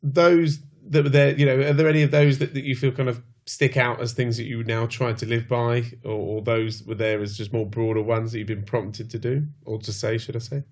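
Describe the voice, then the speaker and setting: A man's voice: mid-range voice, level tone, fairly quick, hardly any pauses, a little mellow. A man hosting a podcast, asking long, searching questions. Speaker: podcast host. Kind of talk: interview questions.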